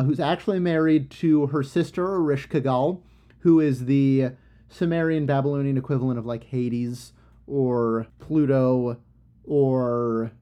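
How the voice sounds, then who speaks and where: A man's voice: medium pitch, dark tone. A young man casually retelling an old myth in loose, rambling slang with plenty of fillers. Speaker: storyteller.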